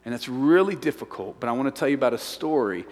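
A man preaching a sermon to a congregation. He acts out voices and swings from excited shouts down to hushed whispers. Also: medium pitch, quick pace, big-room sound. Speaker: pastor. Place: large church hall.

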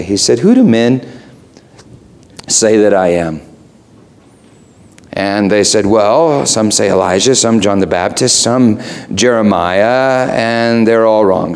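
A middle-aged pastor delivers a sermon with a lively, bouncing delivery. His pitch jumps around as he moves between hushed asides and excited emphasis, and his tone stays playful and conversational. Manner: animated, playful, swings from low asides to high excited emphasis.

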